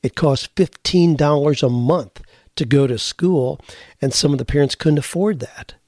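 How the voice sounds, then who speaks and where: A middle-aged man hosting a show, telling stories in a folksy, animated way. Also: on the high side, a little slow, dry recording, studio quality. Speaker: podcast host. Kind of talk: casual storytelling.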